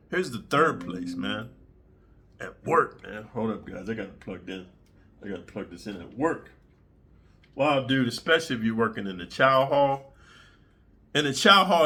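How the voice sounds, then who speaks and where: Bright-voiced, streetwise man telling stories. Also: medium pitch. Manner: streetwise, blunt, animated with slang. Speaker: channel host. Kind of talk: crude prison storytelling monologue.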